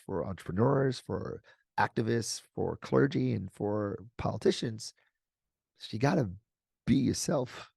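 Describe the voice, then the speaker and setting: A man's voice: on the low side, vocal fry, a little mellow, no echo, studio quality. A man being interviewed as a guest author over a video call, speaking energetically and articulately with casual slang. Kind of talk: conversational interview answers.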